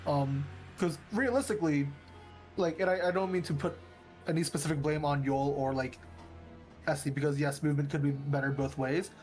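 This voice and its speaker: A man on voice chat calmly going over raid tactics, hedging a lot with fillers. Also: a little high, normal speed, soft background music. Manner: hedging, full of "like", explains calmly. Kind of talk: casual strategy talk over voice chat.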